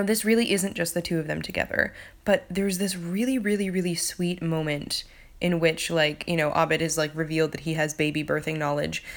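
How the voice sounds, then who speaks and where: A woman casually talking through sitcom episodes she loves, rambling with lots of fillers and swearing. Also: sits low. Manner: enthusiastic, loose, heavy on fillers and swearing. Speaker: TV episode reviewer.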